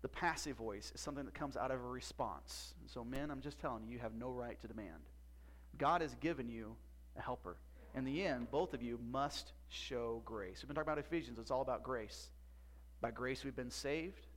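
A man preaching a sermon as pastor, emphatic, with long pauses and drops to a hush. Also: mid-range voice.

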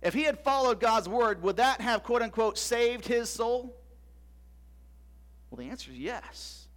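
A man's voice: high voice, big pitch swings, normal speed, fairly bright tone. A middle-aged man preaching a sermon in a conversational way, often putting questions to his listeners. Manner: conversational, asks the congregation questions. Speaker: pastor.

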